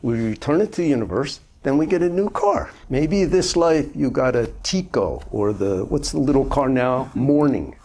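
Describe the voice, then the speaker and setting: Husky older man, lively dharma talk. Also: mid-range voice, normal speed, few pauses. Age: 70s. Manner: conversational, gently humorous storytelling. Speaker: Zen master. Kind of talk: informal dharma talk answering a question.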